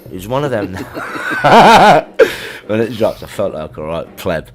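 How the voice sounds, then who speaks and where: Middle-aged musician, very low voice, loose chatty storyteller, slangy. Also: male voice, wildly swooping pitch, slow pace, faint music behind. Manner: chatty anecdotes with slang and laughs. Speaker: musician guest. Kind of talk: casual storytelling interview.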